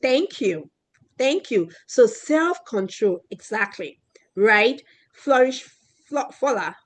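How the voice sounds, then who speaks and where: A woman's voice: a little high, very animated, slow pace. A woman teacher leading a kids' class with questions. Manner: asks questions often, keeps checking with "right?".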